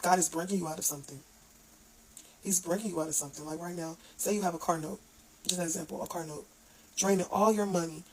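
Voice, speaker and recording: A woman's voice: on the low side, steady tone, breathy edge, rough recording. A woman giving an earnest, informal devotional talk, with restarts and stumbles over her words. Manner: reads scripture aloud haltingly. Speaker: online devotional speaker.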